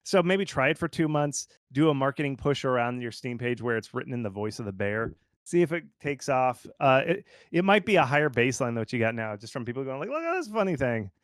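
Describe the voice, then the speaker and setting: A man who is a game marketing consultant, giving casual, animated advice full of "like" fillers. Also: medium pitch, fairly quick, dry recording, clean studio sound. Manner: animated and informal, lots of fillers like "like". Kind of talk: conversational expert commentary.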